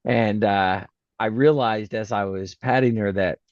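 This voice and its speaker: A man's voice: lowish voice, unhurried, no room sound. A middle-aged man, a podcast co-host in casual chat, who laughs often and pads his talk with "uh". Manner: laughs a lot, lots of uh fillers. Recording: dull lo-fi dry sound.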